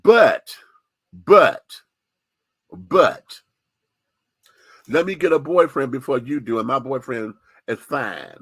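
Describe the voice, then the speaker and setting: A man's voice: mid-range voice, slow, long pauses, a bit bright, husky, no echo. A man hosting a radio show, speaking in impassioned, profane, sassy commentary.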